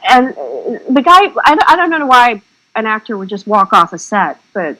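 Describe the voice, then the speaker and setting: A woman's voice: on the high side, very animated, normal speed, pushed and bright, low-quality recording. A woman guest on an interview podcast, chatting casually and rambling through her stories. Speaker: guest filmmaker.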